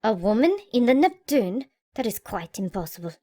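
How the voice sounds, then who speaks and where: A woman voicing a proud, stern old male naval admiral in an audiobook, brisk and commanding, recorded dry and close. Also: fairly high pitch, very animated, warm tone, no echo. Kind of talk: audiobook character voice.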